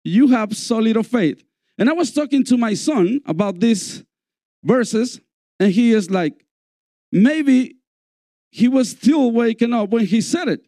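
Slow, high-voiced preaching man. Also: expressive, warm tone, no echo, studio quality. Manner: slow, repetitive preaching with call-and-response. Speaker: pastor. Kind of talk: sermon. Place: church.

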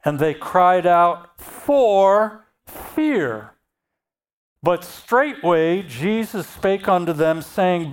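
A preacher delivers a sermon at an unhurried, measured pace. Passages of scripture are read aloud and then unpacked, with key phrases repeated for weight. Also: mid-range voice, animated, smooth.

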